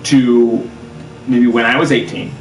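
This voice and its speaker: A young man co-hosting a podcast in casual chat, telling stories in an animated way. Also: medium pitch, measured pace. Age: young adult. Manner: animated storyteller, loud acted quotes. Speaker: podcast co-host. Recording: roomy live stream, mic at a distance.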